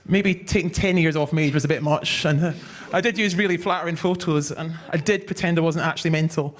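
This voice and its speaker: A woman's voice: low-pitched, a little fast. A woman from Britain doing stand-up on stage, with a dry, self-mocking delivery. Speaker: stand-up comedian. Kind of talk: stand-up comedy. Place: comedy stage before a live audience.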